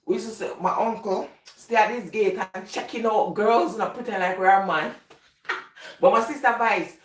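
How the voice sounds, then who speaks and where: Laughing Jamaican woman telling stories. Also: mid-range voice. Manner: rambling, laughs often while telling stories. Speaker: vlogger. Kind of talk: casual storytelling. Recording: echoey room, voice from a distance.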